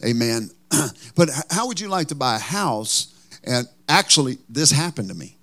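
A man's voice: medium pitch, sing-song, moderate pace, bright, forceful tone. A man preaching a sermon as pastor, telling a folksy, joking story.

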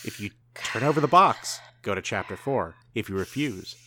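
A man co-hosting a show, reading a story aloud dramatically and playfully with loud sound effects. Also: on the low side, animated, normal speed, slight background noise. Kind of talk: comic book reading.

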